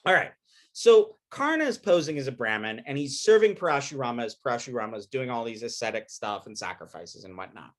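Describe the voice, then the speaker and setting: A man's voice: mid-range voice, sing-song, brisk. A man giving a casual recorded lecture, retelling an epic in an informal, storytelling way with slang.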